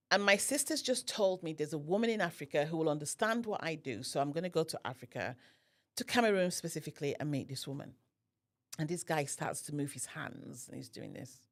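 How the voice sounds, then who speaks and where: A woman, a podcast guest, telling a personal story in conversation and acting out the other people's voices. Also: low-pitched. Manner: animated, acts out the voices of others in her story.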